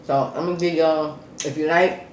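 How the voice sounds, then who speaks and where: A man eating on camera, talking casually to viewers between bites and humming contentedly. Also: on the high side. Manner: slow, relaxed, lots of contented hums between bites. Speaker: mukbang eating vlogger. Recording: echoey room with faint background noise.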